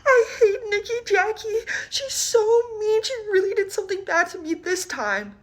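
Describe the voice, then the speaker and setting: A woman voicing a shy, sweet young schoolgirl who cries and stammers in halting phrases. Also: very high-pitched, expressive, voice pushed up. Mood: crying.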